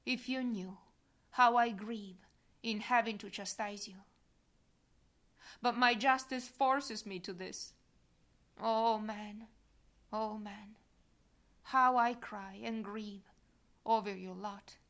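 A woman's voice: medium pitch, steady tone, takes it slowly, pauses often, a bit bright. A woman voicing a grieving male divine Lord in a religious reading, speaking in a mournful, pleading way. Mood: sorrowful.

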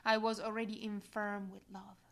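A woman voicing a tender, motherly heavenly queen in a slow, gentle devotional reading that drops to soft whispers. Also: medium pitch, flat delivery, close to an everyday voice.

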